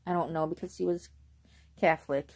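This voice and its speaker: A young woman vlogging in a casual, rambling way, who often clears her throat. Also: low voice, fairly even intonation, fairly quick. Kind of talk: casual chat.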